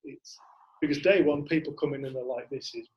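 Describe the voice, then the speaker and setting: A man's voice: on the high side, brisk, muffled recording. A man, leading a community group in casual storytelling talk and animatedly acting out what other people say. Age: 40s.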